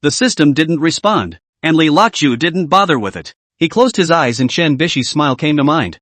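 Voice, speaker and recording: A man narrating a story recap in a steady, scripted storytelling manner. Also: on the high side, moderate pace, few pauses, no echo.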